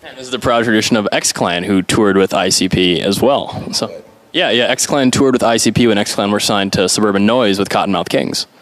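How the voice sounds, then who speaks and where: A man's voice: fairly low pitch, normal speed, a bit bright. A man hosting a radio interview, asking articulate, prepared questions.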